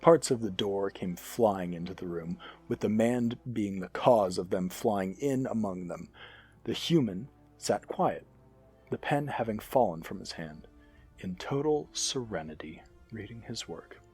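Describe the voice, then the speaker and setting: A man narrates a science fiction story in an expressive, animated reading. His low, husky voice ranges widely in pitch, with soft music playing underneath. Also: unhurried.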